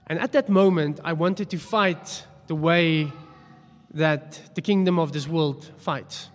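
A man's voice: a little high, slow pace, pauses often. A man preaching a sermon, telling a story in a chatty, self-deprecating way. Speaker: pastor. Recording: long hall reverb.

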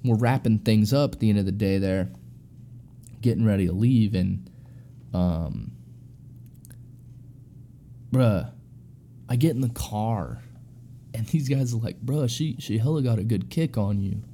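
A man's voice: fairly low pitch, a little slow, pauses often, mellow, slight background noise. A young man telling a story in a loose, profane, slang-heavy way, calling his listeners bro and dude. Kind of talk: casual storytelling.

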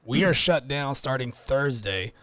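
A man with a rough, sandpapery voice, chatting casually as a podcast co-host and laughing often. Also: mid-range voice, unhurried, no echo. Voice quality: gravelly, sandpaper voice. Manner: laughs often, animated storytelling. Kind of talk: casual chat.

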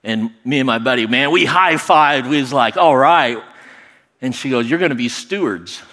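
A man telling a personal story to an audience, animated and acting out what people said. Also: mid-range voice, normal speed. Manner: animated, acts out quoted voices. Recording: long hall reverb.

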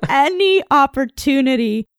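A woman's voice: sits high, expressive, a little slow, no echo, clean studio sound. A young woman playing a tabletop game, joking and narrating her character's actions. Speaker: player.

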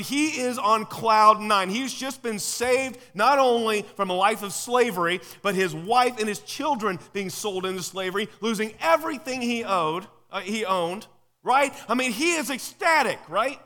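Give me a man with a bright, forceful voice preaching casually to a congregation in a big hall. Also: high-pitched, moderate pace. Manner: casual, lively, full of rhetorical questions to the congregation. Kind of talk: live sermon. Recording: long reverb in a large hall.

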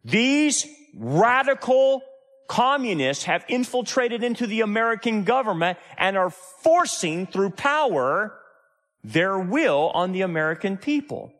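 A male pastor delivers an emphatic sermon, his pitch rising and falling in lively swings. He keeps pressing the listeners with tag questions, and his voice rings with a long reverb from a large hall.

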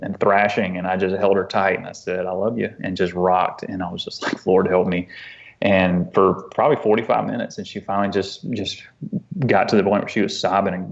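A man telling a personal story as an interview guest, earnest and halting, often restarting his sentences. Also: lowish voice, dull audio. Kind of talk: conversational storytelling.

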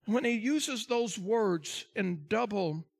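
High-voiced man preaching a sermon. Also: lively intonation, gravelly. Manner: preaching with dramatic swells and drawn-out emphasis; addresses the congregation directly, asks for responses. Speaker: pastor.

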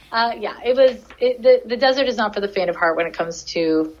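A woman's voice: medium pitch, lively intonation, a little fast. A woman telling a rambling story in casual chat, laughing often and swearing freely. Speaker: podcast guest, animal communicator. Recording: dull lo-fi audio.

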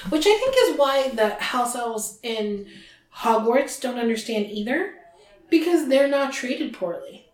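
A woman's voice: a little high, unhurried. Woman chatting in an echoey room. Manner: animated retelling. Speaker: podcast host. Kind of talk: casual book-discussion chat. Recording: roomy echo.

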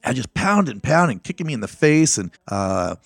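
A middle-aged man from Northern California telling a long personal story in a casual interview, acting out what people said with animated outbursts. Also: normal speed, no room sound. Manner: animated, acts out quotes with sudden high-pitched outbursts. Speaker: interview guest.

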